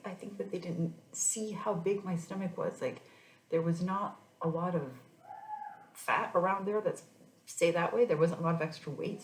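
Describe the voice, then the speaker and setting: Chatty mother with a low voice. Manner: chatty, rambling with many restarts. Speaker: mother sharing her story. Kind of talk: casual personal vlog. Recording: echoey room.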